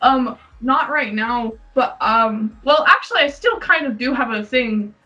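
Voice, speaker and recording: A young woman with a somewhat high, animated voice and a sharp tone speaks a little slowly as she co-hosts a casual podcast. She's gushing and giggly, squealing when acting out her younger self. The recording has cut-off highs, a distant mic, and faint music.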